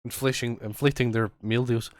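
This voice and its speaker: A man's voice: mid-range voice, fairly even intonation, normal speed, dry recording, studio quality. A Scottish man co-hosting a podcast, swearing and joking as he reads out odd news stories in casual chat. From Scotland. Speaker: podcast co-host.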